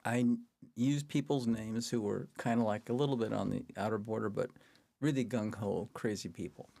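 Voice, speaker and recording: A man's voice: on the low side, fairly even intonation, normal speed, vocal fry, dark tone. An older man, a podcast guest, telling a long anecdote in casual chat, chuckling as he goes and acting out other people's lines in a raised voice. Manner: chuckles through his anecdote; acts out quoted people in a raised voice. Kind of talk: casual storytelling.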